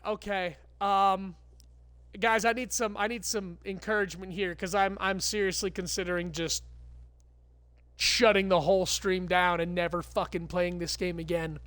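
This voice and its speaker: A woman's voice: medium pitch, a bit bright, dry recording. A woman streamer giving live gameplay commentary, ranting with lots of swearing and stammered restarts. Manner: profane, exasperated ranting.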